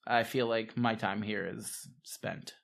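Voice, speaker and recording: A man playing a tabletop game, reacting in an animated way and speaking as his character. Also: on the low side, slow pace, creaky. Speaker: player. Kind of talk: tabletop role-play chat.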